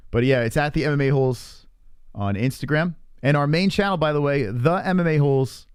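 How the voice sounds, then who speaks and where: A man's voice: mid-range voice, darkish tone, smooth, no room sound, clean studio sound. A man hosting a live stream, chatting casually and teasing his chat with lots of swearing. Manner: profane, teasing, rambling with restarts.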